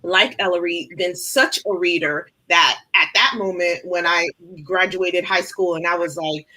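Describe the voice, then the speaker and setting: A woman's voice: on the low side, measured pace, pushed and bright. A woman in her thirties speaking as an author on a video-call panel, chatty and rambling, with frequent fillers. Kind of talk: casual panel discussion.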